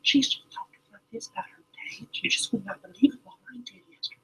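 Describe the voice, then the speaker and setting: A man voicing his soft-spoken older mother, who talks very quietly, near a whisper. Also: racing, low-quality recording. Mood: murmuring.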